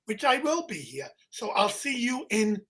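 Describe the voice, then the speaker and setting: A man in his twenties co-hosting a comedy chat show, teasing the others and bursting into loud exclaiming. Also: very high-pitched, very animated, a little slow, breathy edge. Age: 20s. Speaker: co-host.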